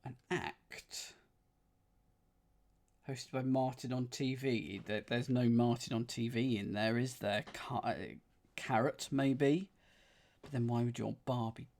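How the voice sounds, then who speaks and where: A puzzle streamer solves a crossword live, thinking aloud as he murmurs each clue to himself and counts letters on his fingers out loud. His voice is at an ordinary middle pitch for a man, and he reasons things through slowly in a relaxed, conversational way.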